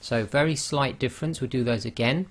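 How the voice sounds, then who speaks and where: A man teaching Arabic letter sounds in an online lesson, explaining carefully and demonstrating throat sounds with drawn-out repetitions. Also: mid-range voice.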